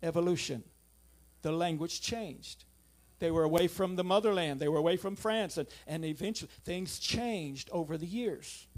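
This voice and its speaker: A man preaching a sermon, telling a family story, then driving home points with loud emphasis and quiet asides. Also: high-pitched. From South Louisiana.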